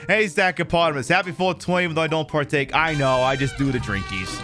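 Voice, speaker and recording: A man's voice: fairly high pitch, quick pace, hardly any pauses, fairly bright tone, soft background music. A man hosting a casual live stream, jokey and profane, reading chat names and thanking viewers.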